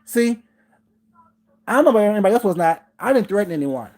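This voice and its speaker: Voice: medium pitch, sing-song, quick pace. Heated livestream host ranting at chat. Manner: confrontational, repeats points, greets viewers warmly by name mid-rant.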